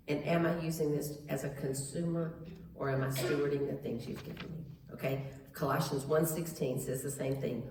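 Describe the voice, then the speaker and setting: A woman's voice: low-pitched, a little mellow, a little hiss or hum. Echoey, distant woman leading Bible study. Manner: earnest, conversational teaching with frequent restarts and asides. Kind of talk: live Bible study teaching. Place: large echoey room with a live group. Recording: very echoey room recording from far off.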